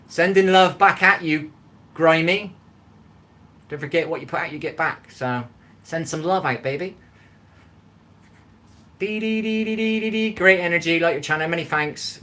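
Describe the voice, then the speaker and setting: He sits on the high side, his voice pushed and bright. A chatty middle-aged Bristol man, he runs a live cooking stream at home, calling out viewers by name and reading the chat to them.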